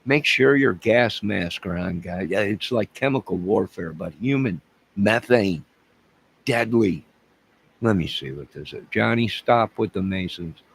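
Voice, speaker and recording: A man with a very low, gravelly voice rambles through a casual livestream, joking and answering his chat by name. His talk swings between loud outbursts and low mutters, with a husky edge throughout. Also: animated, a little slow, poor audio. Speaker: livestream crime-case commentator.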